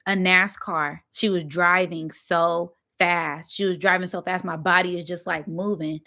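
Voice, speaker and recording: A woman vlogger telling a story in a casual, animated, slangy way, with spoken sound effects. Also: on the low side, a little slow.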